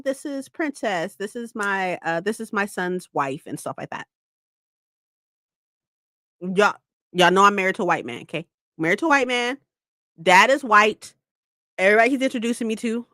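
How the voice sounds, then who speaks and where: A woman's voice: mid-range voice, bright, forceful tone, no echo. A young woman from California chatting casually with viewers, swearing freely and laughing often. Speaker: streamer. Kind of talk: casual chat.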